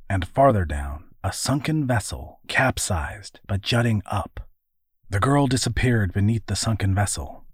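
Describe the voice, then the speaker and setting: Slow, husky male storyteller. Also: mid-range voice, no room sound, studio quality. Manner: measured, even storytelling. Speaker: narrator. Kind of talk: scripted audiobook narration.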